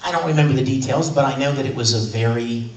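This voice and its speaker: A man who is a guest at a convention panel, telling stories and joking with fans in an animated, laughing way. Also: medium pitch, fast. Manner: animated, laughing, playful with the audience. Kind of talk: storytelling at a fan Q&A panel. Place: large convention panel room. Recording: echoey hall from far off, crowd noise.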